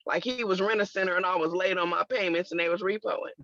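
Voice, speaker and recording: A woman's voice: on the low side, fairly even intonation, fast talker, sharp tone, dry recording. A woman sharing a personal testimony in conversation, telling it emphatically with religious exclamations. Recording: dull lo-fi, dry sound.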